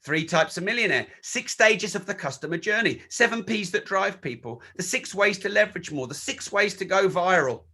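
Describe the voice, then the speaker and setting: Energetic male seminar speaker, high and bright, casual and excitable. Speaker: event speaker; social media coach. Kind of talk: live seminar talk.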